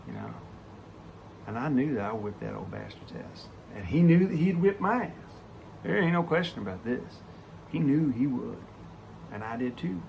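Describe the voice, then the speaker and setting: A man spinning a profane, animated story from his working days in a relaxed, conversational way. His voice is gravelly and rough at a middle pitch. A faint hum of the room sits behind him. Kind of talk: casual spoken storytelling.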